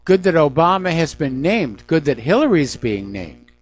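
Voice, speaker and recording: A man's voice: a little high, very animated, moderate pace, slight background noise. A middle-aged man hosting a news talk radio show, giving emphatic, indignant opinions on the day's stories.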